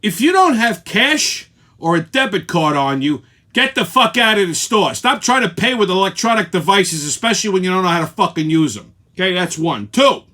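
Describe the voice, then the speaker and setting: High, bright, swearing man ranting. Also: very animated, moderate pace. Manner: profane, angry storytelling. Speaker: show host. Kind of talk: ranting weekly commentary.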